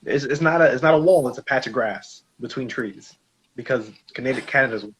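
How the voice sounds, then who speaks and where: A man co-hosting a discussion show tells a personal story casually, acting out the dialogue in an animated way. His mid-range voice is fairly quick with a breathy edge, and the recording sounds slightly dull and lo-fi.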